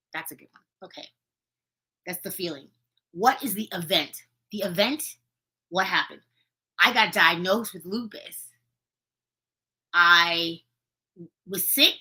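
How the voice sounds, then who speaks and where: A woman's voice: on the low side, sharp tone, slightly rough, poor audio. A woman podcast host talking casually and earnestly to her viewers, coaching them and repeating points for emphasis. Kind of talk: casual motivational talk to viewers. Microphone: streaming video to viewers.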